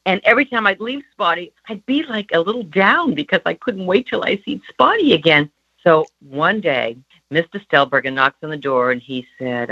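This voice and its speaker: A woman guest and co-author telling a warm, lively personal story in conversation. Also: fairly low pitch, moderate pace, highs cut off. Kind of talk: storytelling in a chat.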